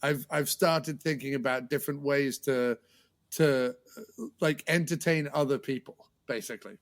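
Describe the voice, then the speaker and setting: A man's voice: mid-range voice, normal speed. A man hosting a podcast, telling stories in casual chat, acting out scenes and swearing freely. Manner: animated storyteller, swears freely, acts out scenes. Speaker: podcast host.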